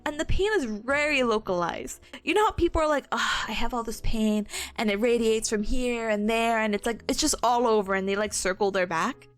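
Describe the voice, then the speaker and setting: A woman in her twenties, voice a little high, streams a casual study session at a moderate pace with few pauses, chatting with viewers, greeting them, reviewing notes and acting out patients. She's giggly and bubbly, laughing often between lines, though her voice is slightly sore and she coughs occasionally.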